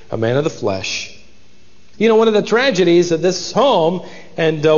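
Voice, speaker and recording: A man's voice: high voice, dull audio. Man preaching in an echoing hall. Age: adult, married. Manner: dramatic reading of scripture, voicing the characters. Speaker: pastor. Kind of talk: sermon.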